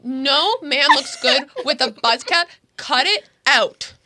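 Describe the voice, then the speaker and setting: A woman's voice: sits high, lively intonation, slow pace, heavy background noise. A young woman co-hosting a casual podcast chat, self-mocking and full of "like.". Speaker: podcast co-host.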